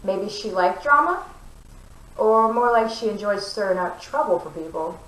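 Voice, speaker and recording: Woman reading a novel aloud for her channel, expressive, mid-pitched, echoey room, mic set back. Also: moderate pace, recorded from a distance. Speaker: book reader.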